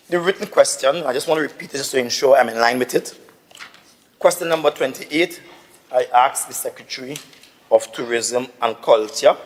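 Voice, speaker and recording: Indignant Trinbagonian assemblyman in a reverberant chamber. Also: mid-range voice. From Tobago. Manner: indignant, insistent, repetitive. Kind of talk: parliamentary debate.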